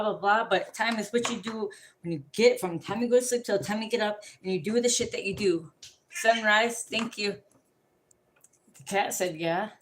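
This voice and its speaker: A woman ranting casually to the camera, profane and rambling, telling animated stories. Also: mid-range voice, slight background noise.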